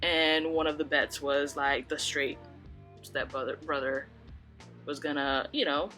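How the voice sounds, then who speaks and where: Rambling, chatty young woman, low voice. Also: fairly even intonation, moderate pace, a bit bright, soft background music. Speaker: book vlogger. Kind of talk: casual chat. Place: home room by bookshelves.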